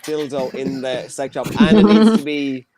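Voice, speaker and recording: A man's voice: medium pitch, animated, normal speed, crowd noise. A man hosting a live comedy show, trading cheeky, teasing jokes with the guests.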